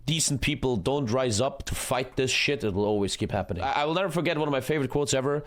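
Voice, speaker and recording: A man's voice: medium pitch, lively intonation, fast. A man reacting to a history documentary in casual, blunt talk, swearing often and speaking earnestly about what he sees. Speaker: streamer reacting to a history video.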